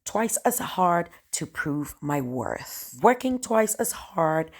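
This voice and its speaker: A woman from Cameroon with a Cameroonian accent, telling a personal story to her viewers in an emotional, animated way. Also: on the low side, slow pace. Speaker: storyteller vlogger.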